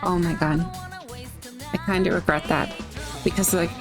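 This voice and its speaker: Young woman kinda tired, rambly with lots of ums, low-ish voice, music in the back. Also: steady tone, moderate pace. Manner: chatty and rambling, many fillers, hesitant. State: sleepy, just woke up. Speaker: story reader. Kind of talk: casual chat and reading a game story aloud.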